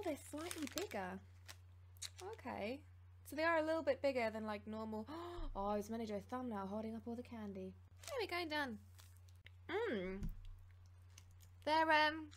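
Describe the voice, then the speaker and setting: Bubbly high-voiced woman. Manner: bubbly, excitable, gasps and giggles. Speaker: YouTuber. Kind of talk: casual taste-test vlog.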